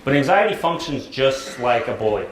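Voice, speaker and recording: A middle-aged American man, a therapist, giving a conversational, jokey talk to high school students and often asking "right?". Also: big pitch swings, normal speed, a little hiss or hum. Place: large echoey school hall. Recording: roomy hall with faint ambience.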